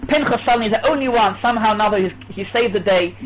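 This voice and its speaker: High-pitched male Torah teacher, animated, heard on a thin phone-quality line. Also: rapid-fire. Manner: animated, acts out voices, restarts often. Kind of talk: Torah class lecture. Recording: tinny phone-like line with faint hiss.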